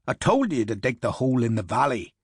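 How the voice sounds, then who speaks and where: A man's voice: mid-range voice, very animated, fairly quick, creaky, slightly rough, dry recording, clean studio sound, heavily acted. A man voicing a big, burly soldier with an Irish accent who speaks plainly and a little wistfully, in an audiobook.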